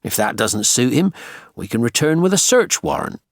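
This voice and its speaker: A man's voice: medium pitch, sing-song, moderate pace, creaky, no room sound, studio quality, pitched above the performer's own voice. A man as a crude ageing cop. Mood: blunt. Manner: blunt, crude banter. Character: blunt ageing male detective, crude and cocky.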